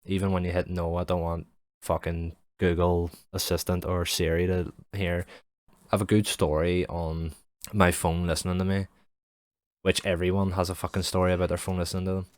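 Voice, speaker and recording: A young man on a stream talks in a loose, rambling way, swearing freely and stuffing every gap with "like." His voice is low and flat, he speaks at a moderate pace, and the recording is dry.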